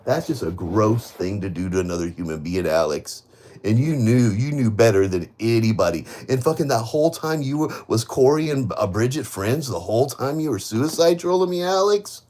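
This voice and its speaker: A man's voice: mid-range voice, expressive, moderate pace, a little mellow. A man on a live stream, ranting at people he blames, repeating his accusations, swearing heavily and rambling with many restarts. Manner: bitter, accusing, repeats himself. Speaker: livestreamer. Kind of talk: live stream rant to viewers.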